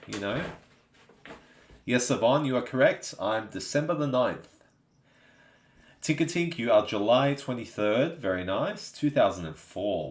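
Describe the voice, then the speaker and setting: A man's voice: mid-range voice, animated, measured pace, long pauses. Laid-back Australian man, echoey room. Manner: chatty, laid-back, says "you know what I mean" often. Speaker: live stream host. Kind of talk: casual live-stream chat reading viewer comments.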